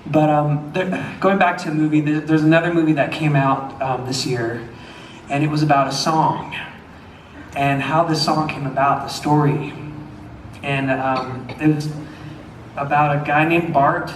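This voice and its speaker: A man's voice: a little high, steady tone, measured pace, far from the mic, slight background noise. Young singer guy w a bit of southern twang, talking between songs, echoey venue, recorded from way back in the crowd. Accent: slight Southern twang. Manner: chatty, rambling, many fillers. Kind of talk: concert stage talk. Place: concert venue.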